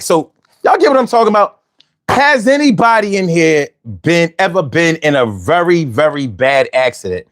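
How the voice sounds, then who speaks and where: Man, livestream host, slangy casual talk, repeats lines for emphasis, fairly high voice. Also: lively intonation, normal speed. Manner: slangy, peppers speech with "yo"; emphatic, repeats phrases for effect.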